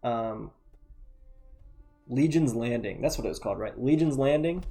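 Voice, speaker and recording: A man in the middle of his voice range talks his way through a card game, chatty and unhurried, often muttering asides to himself. Soft music plays faintly underneath. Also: medium pitch. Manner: thinking aloud, relaxed and chatty, muttering asides. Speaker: gameplay commentator. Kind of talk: casual play-by-play of a card game.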